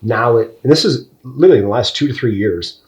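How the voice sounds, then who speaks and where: A man's voice: medium pitch, expressive, fast. A man talking bluntly and profanely in a casual podcast conversation, wandering off topic. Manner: tangential, loses his thread. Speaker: podcast co-host.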